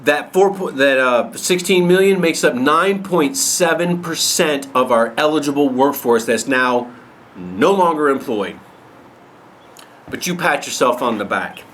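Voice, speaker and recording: A man's voice: a little high, animated, a little slow, a bit bright, slight background noise. A man ranting angrily and bluntly to camera, swearing heavily as he talks to his viewers. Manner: angry, blunt, heavy swearing. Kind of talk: angry profane rant to camera.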